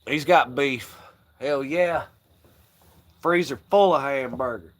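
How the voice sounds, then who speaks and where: A man's voice: mid-range voice, slow pace. Rambling, foul-mouthed man. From Southern United States. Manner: crude, rambling storytelling with frequent laughs. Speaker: livestream host. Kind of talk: casual chat.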